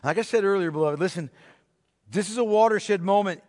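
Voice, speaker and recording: A man preaching a sermon as pastor, emphatic, asking the congregation rhetorical questions and dropping to a hushed voice for effect. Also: high voice, fairly quick, long reverb tail. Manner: dramatic drops to a hushed voice.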